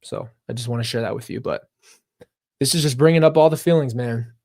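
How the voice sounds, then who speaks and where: An earnest man talks straight to his viewers during a live reaction stream, drifting into long reflective tangents. His voice sits at an ordinary male pitch and is recorded dry and close, with no room echo. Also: a little fast, a little mellow. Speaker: reaction channel host.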